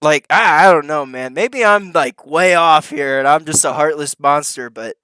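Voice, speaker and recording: A man's voice: on the high side, moderate pace, pushed and bright, clean tone, dry recording. A man reacting to news clips with profane, sneering commentary.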